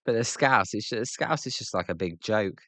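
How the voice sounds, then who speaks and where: A man's voice: lowish voice, animated, moderate pace, fairly bright tone, dry recording. A British man hosting a live baseball reaction stream, mixing casual play-by-play with chatty, rambling talk full of fillers and restarts.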